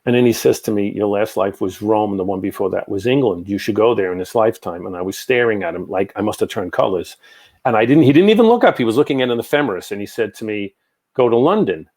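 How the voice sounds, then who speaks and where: Older new guy, lowish voice, going off on long stories in an interview. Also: quick pace. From New York. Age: 60s. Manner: rambling, animated anecdotes with many asides. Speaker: guest, psychic medium. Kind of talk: casual storytelling in an interview.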